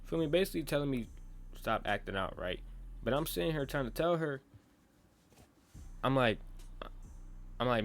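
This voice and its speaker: A man's voice: medium pitch, animated, moderate pace, pauses often. Young man telling a slangy story. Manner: slangy, profane, keeps checking in with the listener; talks in loose run-on bursts with many restarts. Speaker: vlogger. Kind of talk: casual storytime monologue.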